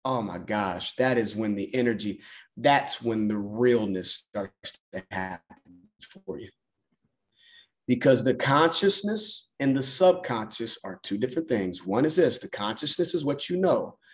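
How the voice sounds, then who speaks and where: A man's voice: medium pitch, sing-song, measured pace. A man coaching on a mindset call, talking emphatically and repeating key phrases for effect. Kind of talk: motivational call talk.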